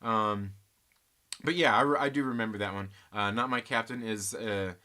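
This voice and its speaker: A man hosting a casual live movie chat stream, reading viewer comments aloud and thinking out loud with frequent restarts. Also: lowish voice, moderate pace.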